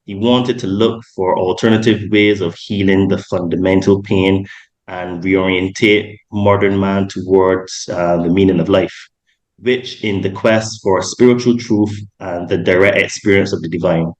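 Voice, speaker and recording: A man's voice: low voice, steady tone, a little slow, highs cut off. A young adult man hosting a podcast, talking in a rambling way with many ums and self-corrections. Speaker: podcast host. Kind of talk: casual podcast interview.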